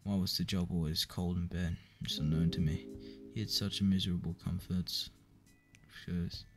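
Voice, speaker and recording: Man, low voice, raspy fry, weary joke-book reading, profane asides. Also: steady tone, normal speed. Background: clear background music.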